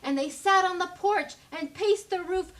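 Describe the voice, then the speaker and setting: A woman storyteller at a library, reading a children's picture book aloud in an animated way. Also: extremely high pitch, distant mic. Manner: slow animated read-aloud.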